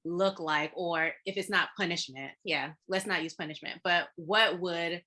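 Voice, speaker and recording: A woman's voice: on the low side, unhurried, sharp tone. A woman hosting a podcast, asking curious questions in a casual chat and laughing along. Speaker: podcast host.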